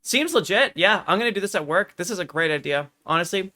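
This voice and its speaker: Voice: mid-range voice, expressive, quick pace, over music. A streamer giving casual, dry, sarcastic commentary while reacting to videos.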